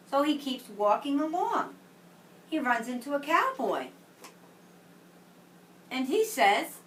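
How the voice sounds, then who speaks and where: Slow, bright-voiced kindergarten teacher. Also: female voice, high voice, big pitch swings. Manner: slow, clear, encouraging teacher talk. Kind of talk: reading lesson for young children. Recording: echoey room, mic at a distance with faint background hum.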